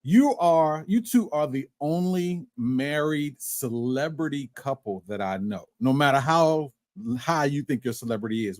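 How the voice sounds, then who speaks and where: A man guest in casual chat asking a question, halting and apologetic, restarting his words. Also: mid-range voice, a little mellow, dry recording, studio quality.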